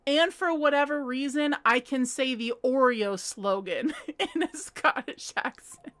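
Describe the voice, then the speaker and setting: Bright, high-voiced, giggly woman streamer. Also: a little slow. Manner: chatty and giggly, laughs often. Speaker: crochet livestream host. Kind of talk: casual livestream chat reading comments. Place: at home.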